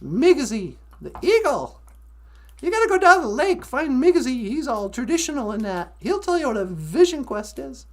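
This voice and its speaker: A woman voicing a brash, fast-talking male fox. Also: high-pitched, very animated. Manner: brash, slangy.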